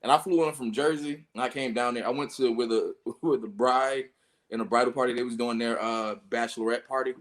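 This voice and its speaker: A man hosting a casual comedy podcast, telling profane, animated stories and laughing often. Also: mid-range voice, a little fast, rough recording. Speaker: podcast host.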